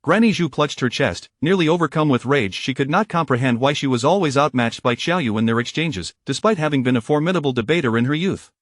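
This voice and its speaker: A man narrating a web novel audiobook in an even, plain storybook reading. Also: on the high side, brisk, hardly any pauses, no echo, clean studio sound.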